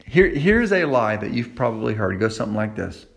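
Man, youth pastor, conversational sermon, gravelly voice, repeats phrases. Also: on the low side, big pitch swings, brisk, few pauses.

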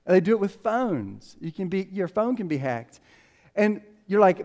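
A pastor giving a conversational sermon, telling stories and acting out quotes with lively ups and downs. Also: male voice, sits high, moderate pace. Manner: conversational, animated storytelling with acted quotes.

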